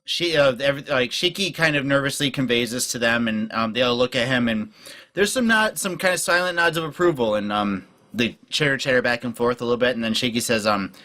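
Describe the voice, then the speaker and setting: A man's voice: mid-range voice, brisk, bright, forceful tone. A man narrating a tabletop game as game master, in loose, rambling narration.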